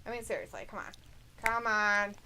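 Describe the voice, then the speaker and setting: A woman's voice: medium pitch, little pitch movement, moderate pace, pushed and bright, rough recording. A woman co-hosting a casual livestream at home, reading viewer comments aloud in a teasing, giggly way. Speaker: livestream co-host.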